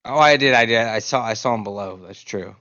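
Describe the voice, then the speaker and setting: Player, man, mid voice, excitable and profane, lo-fi dry audio. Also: medium pitch, brisk, no echo. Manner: excitable, swears freely. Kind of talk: casual tabletop game chat. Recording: dull lo-fi audio.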